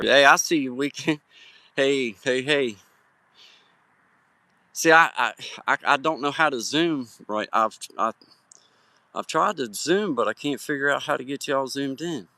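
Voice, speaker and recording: A man's voice: mid-range voice, lively intonation, measured pace, gravelly, pauses often, pushed and bright, no echo. Folksy man streaming outdoors. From Virginia. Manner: folksy, chatty, greets viewers by name. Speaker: livestream host. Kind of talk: casual live-stream chat. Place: outdoors on a hiking trail at sunset. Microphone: phone held for a live stream.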